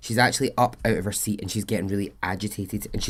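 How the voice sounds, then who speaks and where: A man's voice: on the low side, moderate pace. A man hosting a podcast, telling a true-crime story in a chatty, conversational way with frequent asides. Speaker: podcast host.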